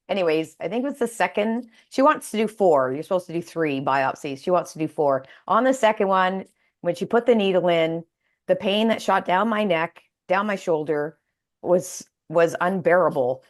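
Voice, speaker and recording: A woman's voice: fairly low pitch, fairly quick. A woman being interviewed on a podcast, telling a personal story with many restarts and acted-out quoted voices. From Canada. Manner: frequent restarts and hesitant fillers. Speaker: podcast guest. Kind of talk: casual interview chat.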